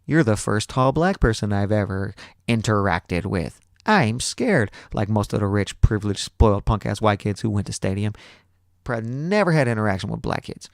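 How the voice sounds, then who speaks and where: Podcast host, male: gravelly, low-pitched voice with a dry, close sound, profane and animated storyteller. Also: brisk, no room sound. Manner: profane, repetitive, animated retelling. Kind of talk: casual storytelling monologue.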